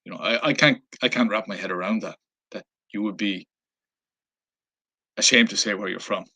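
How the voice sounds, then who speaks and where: Speaking with an Irish accent, a travel vlogger wanders through a casual story from his trips, leaning on fillers and frequent restarts. The voice is fairly low, sharp in tone and breathy, delivered at a moderate pace.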